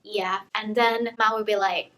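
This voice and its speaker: Chatty, chaotic young woman, bright voice. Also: medium pitch, fairly even intonation, measured pace, low-quality recording. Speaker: book vlogger. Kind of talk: casual book summary.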